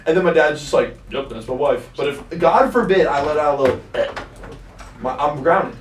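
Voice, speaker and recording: A young man hosting a student radio show, chatting and joking with his cousins about family stories. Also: fairly high pitch. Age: young adult. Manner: joking, animated, quick bursts of mock outrage. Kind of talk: casual chat with family. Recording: echoey room, distant mic, faint hiss.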